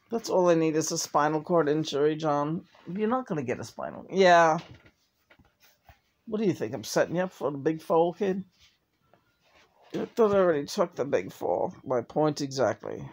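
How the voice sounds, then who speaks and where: A woman's voice: deep voice, a little mellow. A woman vlogger in casual chat, talkative, often laughing and swearing freely.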